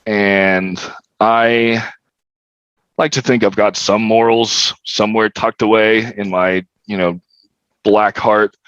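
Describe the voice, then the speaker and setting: A young man with a lowish, dry voice tells a story on a podcast, candid and wry, swearing freely. The sound is a little dull and lo-fi. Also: fairly even intonation, takes it slowly, fairly bright tone, clean tone, dry recording. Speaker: podcast guest. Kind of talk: casual storytelling.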